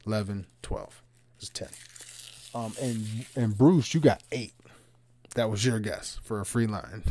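A man hosting a live trading card box break, bantering loudly with viewers and teasing them in coarse language. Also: lowish voice, huge pitch swings, takes it slowly, pauses often.

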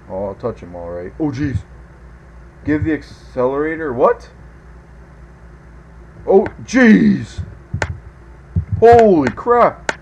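A man giving let's play commentary as a gaming video host, excitable, yelping and groaning at every mishap. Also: medium pitch, slow, vocal fry, long pauses, lo-fi sound, a little hiss or hum.

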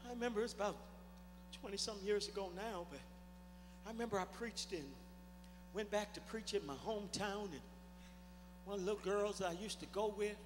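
A man's voice: sits high, fairly even intonation, brisk, long pauses, noisy background. A middle-aged man, a bishop, preaching a fervent sermon with repeated, stammered restarts in a large church. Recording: echoey hall with music behind.

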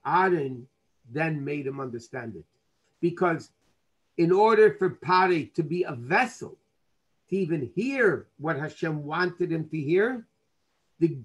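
Male rabbi, earnest storyteller; husky, fairly high-pitched voice. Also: poor audio. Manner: earnest storyteller, dropping in Hebrew and Yiddish terms. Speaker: rabbi teaching a Torah class. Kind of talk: storytelling Torah lesson.

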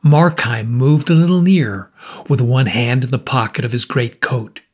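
Husky guy reading an old story, calm and measured, mid-pitched. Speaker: audiobook narrator. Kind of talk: scripted narration.

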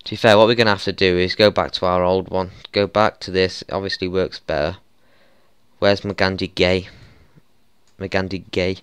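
A young man narrates his football management save in a lowish, smooth voice, recorded dry and close at a desk mic. He grumbles, swears and breaks into exasperated yells at his players. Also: flat delivery, normal speed, no echo. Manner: frustrated, swearing, exasperated outbursts. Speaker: gaming YouTuber. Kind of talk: football management let's play commentary.

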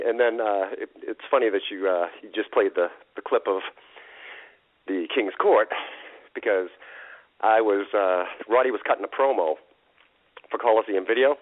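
A man telling stories as an interview guest, lively and laughing often, acting out the people he quotes. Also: lowish voice, moderate pace, long pauses, no room sound. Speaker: guest, wrestling impersonator. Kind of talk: animated storytelling interview. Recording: tinny phone-quality line.

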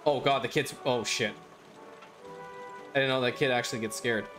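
A man's voice: mid-range voice, steady tone, normal speed, fairly bright tone, soft background music. Rambling man chatting over gameplay. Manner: rambling, with frequent fillers and chuckles. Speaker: gaming channel host. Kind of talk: casual gameplay commentary.

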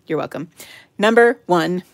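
Middle-aged woman host, giggly and playful, slow unhurried delivery, livestream bingo caller. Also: lowish voice, expressive, vocal fry, dry recording. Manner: giggly, playful, breaks into silly singing. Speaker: host of an online craft workshop game night. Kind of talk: casual live-stream chat calling bingo. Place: home craft room.

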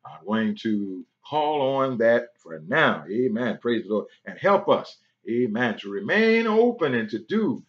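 A man's voice: medium pitch, very animated, a little slow, few pauses. A male pastor runs through church announcements, dropping an amen or a praise the Lord after nearly every phrase. The sound is dull and lo-fi, like an online service stream. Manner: punctuates with frequent amens and praise the Lords; breaks into singing.

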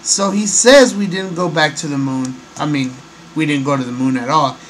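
A man's voice: on the high side, normal speed, a little hiss or hum, rough recording. A man hosting a casual monologue, rambling and hesitant with many fillers. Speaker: host.

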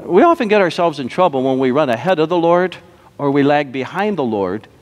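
A man's voice: a little high, very animated. Guy pastor giving a sermon, tells a little joke then drags out the big words, church hall echo. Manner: storytelling with punchlines, slow emphatic repetition. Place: church sanctuary. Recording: long reverb of a church hall.

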